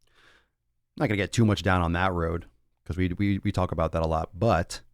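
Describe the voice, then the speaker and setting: A man's voice: sits low, fairly even intonation, normal speed, no echo, clean studio sound. A man hosting a fitness podcast, ranting bluntly with lots of swearing and tough-love talk. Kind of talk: casual podcast rant.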